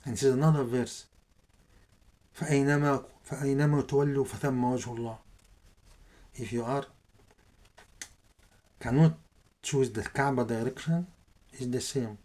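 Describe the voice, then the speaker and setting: A man's voice: medium pitch, fairly even intonation, brisk, pauses often, a little mellow. A middle-aged man preaching outdoors, animatedly retelling a religious story and often repeating words. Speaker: street preacher. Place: outdoor public park.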